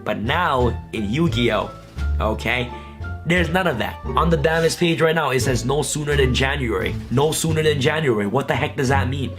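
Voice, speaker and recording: A man's voice: medium pitch, moderate pace. A man in a video clip, speaking casual commentary in an exasperated, questioning way. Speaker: YouTuber in a played clip. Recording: video clip with music bed. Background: clear music.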